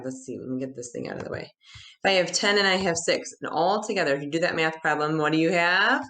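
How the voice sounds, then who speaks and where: A woman leads a cheerful children's lesson, animated and encouraging. She talks slowly and stretches out her counting. Her voice has a roomy echo around it. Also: mid-range voice. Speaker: Spanish teacher for children. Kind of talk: upbeat kids' video lesson.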